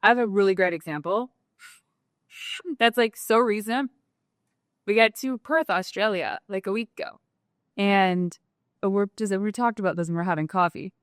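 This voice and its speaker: A woman guest on an interview show, talking in a casual, animated way with lots of "like" fillers. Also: mid-range voice, normal speed, long pauses, clean tone, no room sound, clean studio sound. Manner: animated, talkative, many "like" fillers. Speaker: guest entrepreneur.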